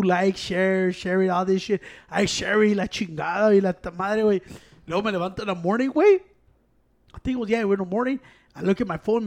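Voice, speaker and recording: Dude, talks real fast, animated, cussing and switching languages. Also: high voice. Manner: animated, mixes Spanish into English, heavy swearing. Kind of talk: casual storytelling chat. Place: Chicago.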